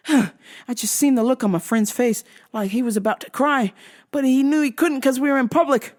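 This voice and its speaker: A woman hosting a vlog, telling stories in an animated, profane and exasperated way. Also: high voice, normal speed. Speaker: host.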